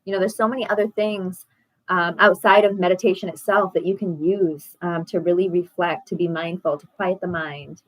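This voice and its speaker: Hosting a casual spiritual livestream, a woman guides group prayer and meditation, warmly affirming and encouraging everyone effusively. Her lowish voice holds a steady tone at a normal pace, and the poor-quality audio has no room sound.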